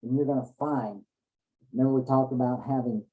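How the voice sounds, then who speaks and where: A man's voice: mid-range voice, fairly even intonation, a little fast, mellow, rough recording. A man giving an earnest motivational talk, often restarting his phrases as he goes. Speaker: motivational speaker.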